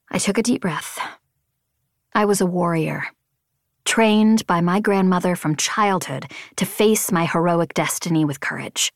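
A woman reading a novel aloud in the first person, with expressive, tense storytelling. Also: on the low side, measured pace, no echo, studio quality. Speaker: audiobook narrator.

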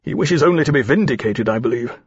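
A grave, formal captain, as an audiobook narrator plays him, measured and dry in his speech. The husky voice sits on a dry, slightly dull recording. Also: medium pitch, animated, no room sound. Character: grave male naval-minded aviator captain, dry and measured.

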